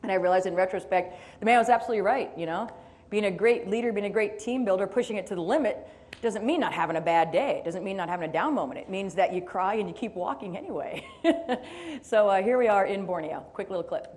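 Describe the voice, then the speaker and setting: A woman from the United States giving a motivational keynote, telling a story in an animated, playful, self-deprecating way and speaking straight to her audience. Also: medium pitch, fast.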